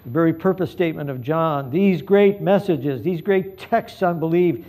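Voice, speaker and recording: A man preaching a live sermon, earnest and pleading, moving between hushed passages and emphatic ones. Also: on the high side, moderate pace. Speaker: pastor.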